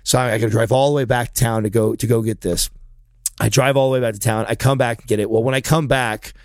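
A man's voice: mid-range voice, fast talker, no room sound, studio quality. A man telling a long story in casual chat, swearing often and getting heated as he goes. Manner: profane, animated, heated storytelling.

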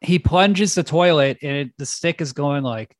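A man's voice: fairly high pitch, normal speed, dry recording, clean studio sound. Wry young man chatting casually. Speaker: podcast co-host. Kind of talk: casual chat.

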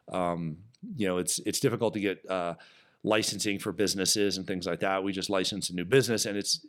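A man with a fairly low voice tells a story as a podcast host. His delivery is animated and emphatic, with his pitch jumping up for emphasis. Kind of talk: storytelling monologue.

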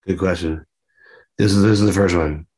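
Man, very low voice, rambling casual musician, video call. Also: steady tone, moderate pace, darkish tone. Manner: rambling, laid-back, lots of fillers and swearing. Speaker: band member, musician.

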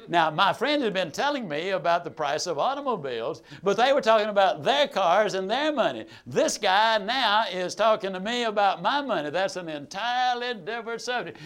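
A man's voice: animated, normal speed, hardly any pauses. Folksy man telling a sales story. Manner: folksy, humorous storyteller with dramatic swings in pitch and loudness. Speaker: sales trainer.

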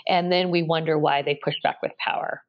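A woman guest on an interview explaining parenting tips in a calm, measured, gently explanatory way. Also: deep voice. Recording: slightly dull lo-fi sound.

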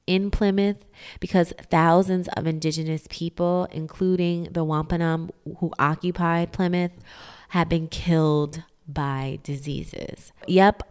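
A woman's voice: deep voice, a little mellow, clean tone. A woman casually explaining history myths, sarcastic and emphatic, with slang and whispered asides.

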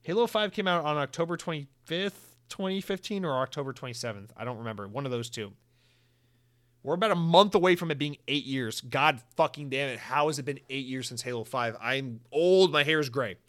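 Brief: American man, solo podcast host, lively and profane, rambles and restarts, a bit high-pitched. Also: fairly quick. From United States. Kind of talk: casual solo podcast chat. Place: home in Orlando, Florida.

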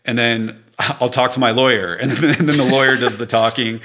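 A man's voice: medium pitch, fairly even intonation, brisk, pushed and bright. A middle-aged entrepreneur speaking candidly and reflectively as a guest in an interview, sometimes laughing as he tells his stories. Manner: earnest, reflective, laughs while telling stories.

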